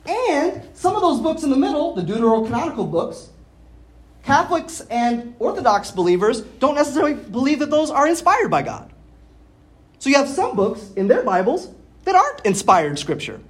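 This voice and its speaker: A woman preacher giving a teaching sermon, explaining things step by step, asking her listeners questions and sounding out Greek words slowly. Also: high voice, big pitch swings. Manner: explanatory, asks the audience questions. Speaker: pastor.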